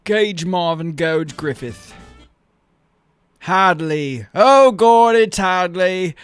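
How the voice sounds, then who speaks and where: High-voiced young man joking on a stream. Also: expressive, very slow, clean tone, no room sound, faint music behind. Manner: joking, exasperated, shouts at times. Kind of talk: casual chat.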